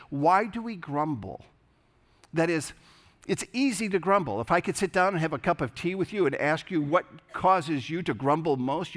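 A man giving a sermon as a pastor, animated and conversational, acting out voices as he preaches. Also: a little high. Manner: animated, acts out grumbling voices.

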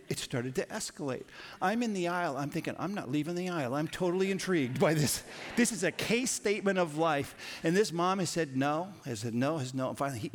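Male pastor, conversational sermon, animated storytelling, repeats lines for emphasis, mid-pitched voice. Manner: animated storytelling with sudden bursts of loudness.

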